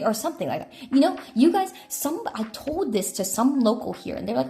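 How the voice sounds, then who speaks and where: Mellow-voiced American woman chatting to her stream. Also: on the high side, sing-song, brisk. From California, USA. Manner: chatty, talks to chat between bites, swears casually. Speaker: livestreamer. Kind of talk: casual livestream chat. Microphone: phone.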